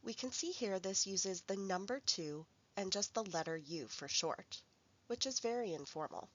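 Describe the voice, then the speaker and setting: A woman narrating a recorded language workshop, speaking clearly and carefully as she reads out example phrases. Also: mid-range voice, animated, moderate pace, fairly bright tone, lo-fi sound. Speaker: language support instructor.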